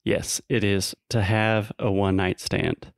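A man's voice: on the low side, flat delivery, takes it slowly, creaky, clear, resonant tone, no echo, clean studio sound. Playful man co-hosting an English podcast. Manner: playful, teasing, explains pronunciation. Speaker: podcast co-host and English teacher. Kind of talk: casual teaching chat.

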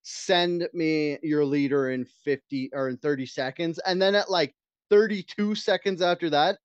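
A man co-hosting a casual podcast, ranting and swearing as he tells a story. His voice sits a bit high for a man and sounds slightly dull and lo-fi. The sound is dry and close. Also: dry recording. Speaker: podcast co-host. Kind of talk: casual chat.

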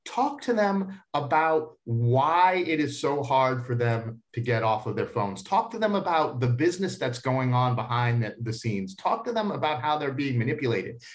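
A man's voice: mid-range voice, sing-song, moderate pace. A middle-aged man, an expert guest and parent, answering interview questions earnestly, repeating words as he thinks aloud.

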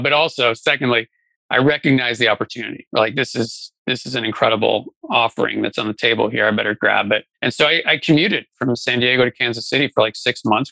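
Bright-voiced man telling his story. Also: mid-range voice, a little fast, vocal fry, dry recording, poor audio. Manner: conversational, many fillers and restarts. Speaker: guest, venture investor. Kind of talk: casual storytelling interview.

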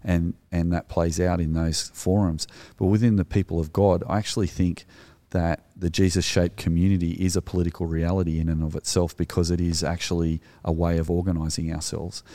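A man's voice: deep voice, flat delivery, normal speed, few pauses, dark tone, no room sound. A middle-aged Australian man co-hosting a podcast, talking in an earnest, reflective way with frequent hesitations. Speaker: podcast co-host. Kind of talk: casual podcast discussion.

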